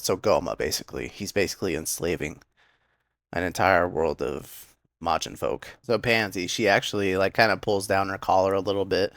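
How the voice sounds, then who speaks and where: A young man casually recapping an anime episode, enthusiastic and acting out quick quoted lines as he retells scenes. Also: low-pitched, a bit bright, no echo, clean studio sound.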